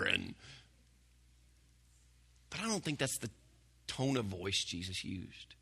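A man preaching a folksy, conversational sermon. His voice is gravelly and husky, with a bright, forceful edge, and he often drops to a hush. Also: on the high side, big pitch swings, moderate pace, long pauses. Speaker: pastor.

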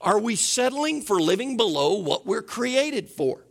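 Man, pastor, church sermon, lively swooping delivery, questions to the congregation. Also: high voice, a little slow, creaky. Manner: animated preaching, asks the congregation questions.

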